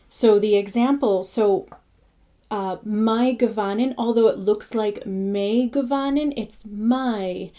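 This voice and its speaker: A woman giving a casual pronunciation lesson, patiently repeating each sound slowly. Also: mid-range voice, mellow. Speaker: language teacher.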